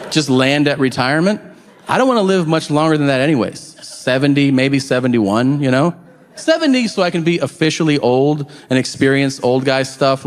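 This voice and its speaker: A man doing profane, animated stand-up comedy, acting out quotes as he tells his stories. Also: medium pitch, a little hiss or hum.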